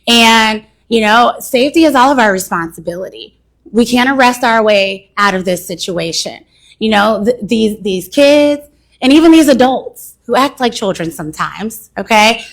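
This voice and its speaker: A woman's voice: fairly high pitch, fairly bright tone. A middle-aged woman from Cincinnati, a council candidate giving an emphatic, persuasive campaign speech at a community meeting and often tagging "okay".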